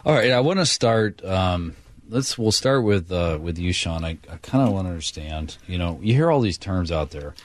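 A man's voice: deep voice, animated, moderate pace, no echo. A man hosting a radio talk show in a casual, folksy way, with many fillers and direct address to listeners.

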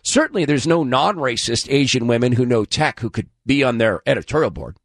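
A man hosting political commentary, delivering scripted segments with a mocking, scornful edge while hoarse. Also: mid-range voice, animated, brisk, dry recording, clean studio sound. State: hoarse, losing his voice.

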